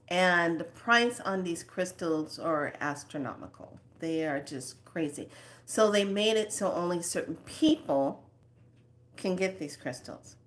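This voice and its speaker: A woman talking in a casual, rambling spiritual monologue as host of her own channel, with soft asides now and then. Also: lowish voice.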